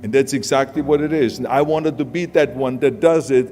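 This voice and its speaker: A medium-pitched, darkish male voice moves briskly through a motivational speech. The speaker is from Austria and has an Austrian accent, and he's emphatic, blunt and plain-spoken. Hall reverb and underlying music fill the large room.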